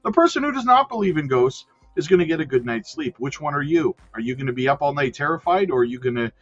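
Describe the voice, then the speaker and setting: A man's voice: fairly high pitch, lively intonation, fast. A man hosting a casual crypto livestream, chatting with viewers and reading their comments aloud. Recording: dull lo-fi sound with faint music.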